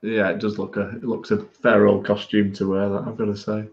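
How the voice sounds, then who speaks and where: A man's voice: lowish voice, level tone, a little fast, lo-fi sound. A man interviewing a guest with short reactions and chatty asides. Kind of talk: casual interview.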